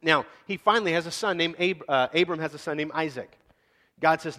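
Animated preacher in an echoey hall. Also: male voice, a little high, a little fast. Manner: casual, animated, acts out scenes. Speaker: pastor. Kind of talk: sermon.

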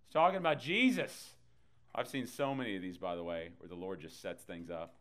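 A man's voice: sits low, expressive, fast, clear, resonant tone. A man preacher giving a sermon, telling stories animatedly with sudden bursts and chuckles.

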